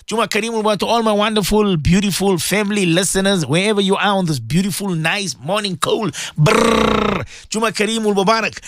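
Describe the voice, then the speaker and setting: Man, radio host, casual morning talk, animated, repeats words, high lively voice, dry close sound. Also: fast, few pauses, dry recording. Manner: animated, repeats words as he talks, pleading and exclaiming. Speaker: radio show host addressed as Maulana.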